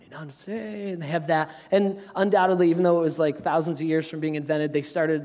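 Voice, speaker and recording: A man preaching a sermon, telling a parable in an animated way and acting out the characters' lines. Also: on the high side, fast, hardly any pauses. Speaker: pastor. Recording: long hall reverb.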